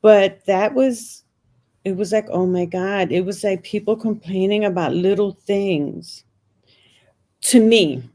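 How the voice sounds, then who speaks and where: A woman's voice: medium pitch, slow, dark tone. A middle-aged woman, a podcast guest, earnestly telling a personal story and repeating phrases for emphasis.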